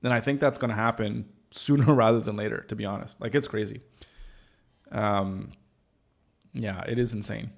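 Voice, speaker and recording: A man's voice: lowish voice, fairly even intonation, normal speed, gravelly, long pauses. A man with a Canadian accent hosting a casual chat as a web designer, rambling loosely with many fillers and self-mocking laughs. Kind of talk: casual chat while working on screen.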